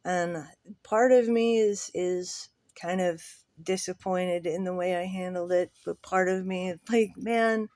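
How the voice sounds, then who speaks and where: A man's voice: high-pitched, level tone, a little slow, a little mellow, no echo. Candid rambling male storyteller, dry sound. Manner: candid, rambling, with swearing and nervous laughs. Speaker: flea market vendor. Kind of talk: casual storytelling monologue.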